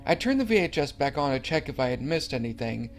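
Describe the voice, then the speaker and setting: A man's voice: medium pitch, sing-song, fast, soft background music. A man narrating a creepy horror story in an earnest, slightly stumbling reading.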